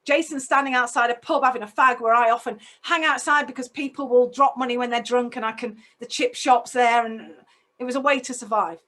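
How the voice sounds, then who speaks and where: A woman's voice: on the high side, fairly even intonation, a little fast, pushed and bright. A woman telling a personal story in a talk, intense and emotional, putting direct questions to her listeners. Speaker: speaker.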